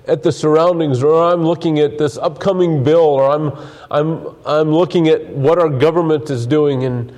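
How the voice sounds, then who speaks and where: A man preaches a sermon in a mellow, slightly high voice. He talks earnestly, with many restarts, and stops to read scripture aloud. His voice is wearing thin. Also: steady tone, moderate pace, hardly any pauses. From United States. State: losing his voice. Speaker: pastor.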